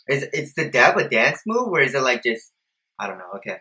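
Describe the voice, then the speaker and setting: A young man commentating a horror video game, jumpy and profane, swinging between low mutters and shouted panic. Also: sing-song, fairly quick. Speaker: gameplay streamer.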